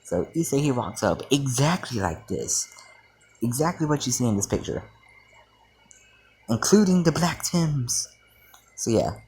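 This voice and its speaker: A man's voice: medium pitch, sing-song, a little slow, pauses often, darkish tone, husky. A young man casually telling a fan story, rambling with fillers and slang.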